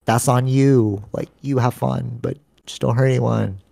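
A young, sleep-deprived podcast co-host rambles in casual slang, calling his friend "bro." His medium-pitched voice is creaky and mellow, fairly even and a little slow. The studio-mic recording is clean with no echo.

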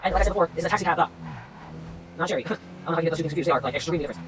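A man commentating over his gameplay as a taxi driver, swearing constantly and swinging between furious yelling and low muttering. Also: very fast, background noise. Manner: profane, swings from rage-filled yelling to muttering. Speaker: gamer playing a taxi driver. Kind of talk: let's-play commentary.

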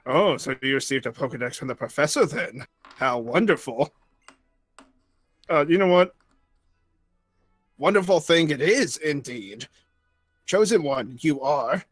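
A man's voice: fairly high pitch, expressive, slow, long pauses, fairly bright tone, dry recording, faint music behind, heavily acted. A man voicing a grand male game villain, speaking game lines in an odd, backwards word order with some hesitation. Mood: mock-grand. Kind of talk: reading game dialogue aloud in a let's-play.

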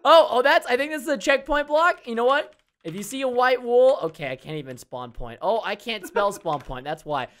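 A man hosting a gaming video, loud and playful, laughing and teasing his friend while he plays. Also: very high-pitched, expressive, brisk. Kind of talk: excited gaming commentary. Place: home recording room.

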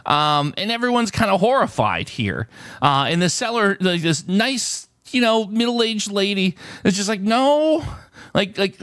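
A middle-aged man tells stories straight to the camera in a casual, chatty way, with plenty of fillers and restarts. His voice sits high and swings widely in pitch. The sound is dry and close, with no room echo. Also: fairly bright tone. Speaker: retro game collecting host.

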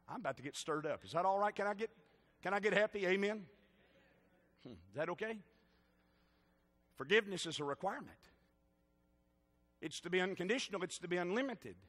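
A man's voice: sits high, animated, brisk, long pauses, a bit bright, in a large hall. A middle-aged man with a Southern US accent, a pastor preaching a sermon with rising, stirred-up emphasis and jokes for the congregation. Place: church sanctuary.

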